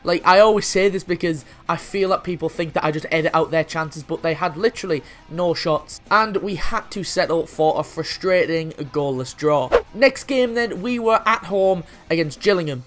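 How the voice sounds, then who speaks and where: A man's voice: a little high, normal speed, hardly any pauses. Sweary gamer man commentating. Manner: excitable, sweary, frequent frustrated outbursts. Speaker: gaming YouTuber. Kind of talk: gameplay commentary.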